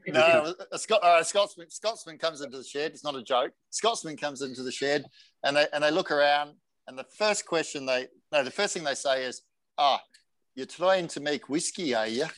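A man's voice: on the high side, a little fast, no echo, rough recording. A man hosting a casual chat, telling stories and quoting people with energy. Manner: storytelling, animated quoting. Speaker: host.

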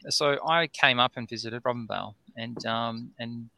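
A man's voice: medium pitch, moderate pace, gravelly. A middle-aged Australian man telling a long, rambling story as a guest on a podcast, full of ums and "right?". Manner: rambling, excitable, lots of "um" and "right?". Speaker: distillery founder, guest.

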